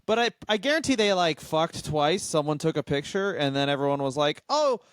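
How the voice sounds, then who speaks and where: A man's voice: a little high, expressive, fairly quick, clear, resonant tone. A man co-hosting a comedy podcast, telling rambling stories and acting out what people said. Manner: rambling storyteller, acts out quotes. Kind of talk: casual comedic chat.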